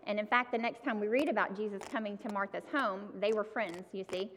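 A woman's voice: mid-range voice, a little fast, fairly bright tone, a little hiss or hum. Woman preaching in a reverberant hall. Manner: conversational, addresses listeners directly. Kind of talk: sermon.

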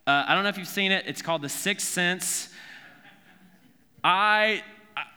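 A man's voice: high-pitched, measured pace, sharp tone, clean tone, big-room sound. A man from South Carolina preaching a conversational sermon, earnest and informal, often restarting his sentences. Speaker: pastor.

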